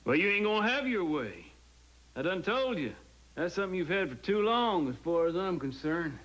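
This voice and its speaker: An actor playing a boastful, folksy alter ego with a Southern US accent in a soap opera. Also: male voice, high voice, sing-song, normal speed, a bit bright, low-quality recording. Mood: swaggering. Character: brash crude Southern alter ego, grown man.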